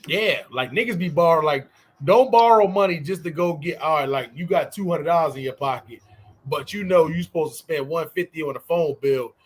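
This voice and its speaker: A male podcast co-host talks in a loose, rambling way and keeps asking for nods from his listeners. His voice sits a little high for a man. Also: fairly quick. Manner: loose and conversational, fills with "you know what I'm saying". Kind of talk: casual chat.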